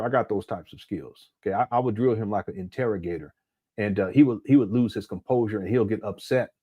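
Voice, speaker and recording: A man hosting a casual live-stream commentary, talking in a rambling, animated way with frequent restarts and crude language. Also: medium pitch, muffled recording. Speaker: commentary channel host.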